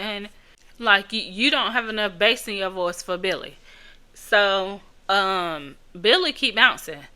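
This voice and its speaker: Blunt, bright-voiced woman podcast host. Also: on the high side, clean tone. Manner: blunt, scolding, emphatic repetition with occasional laughs. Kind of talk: casual opinion monologue.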